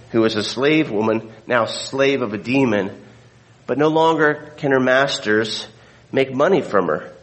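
A man's voice: fairly high pitch, low-quality recording. Man preaching a storytelling sermon. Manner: storytelling, conversational with fillers and restarts. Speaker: pastor.

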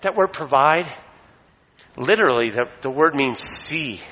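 A man preaching a sermon, his delivery swelling for emphasis and then dropping low. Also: lively intonation, a little slow, pushed and bright. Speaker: pastor. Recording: long reverb of a hall.

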